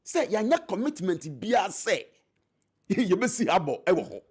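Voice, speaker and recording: Ghanaian guy on a political talk show, husky voice, bouncy lively pitch, hammers his points. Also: moderate pace. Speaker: politician guest, former MP. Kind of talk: animated political talk show debate, mixing English and Twi.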